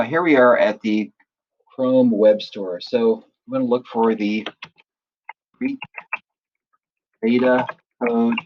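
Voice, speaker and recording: A man acting as instructor, patiently walking through a software tutorial and often checking in with listeners. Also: medium pitch, muffled recording. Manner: patient step-by-step explaining, often checks in with "right?". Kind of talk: screen-recorded software tutorial.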